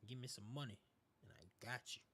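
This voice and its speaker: A man's voice: medium pitch, pushed and bright, husky. A man doing a brash gangster-style phone scammer. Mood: pushy. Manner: brash, fast-talking.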